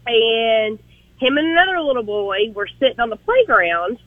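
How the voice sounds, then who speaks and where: A woman's voice: a little high, big pitch swings, normal speed, no room sound, phone-quality sound. A woman calling into a radio show, telling an amused story about her son. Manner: chatty, amused. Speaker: caller. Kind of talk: storytelling on a phone call.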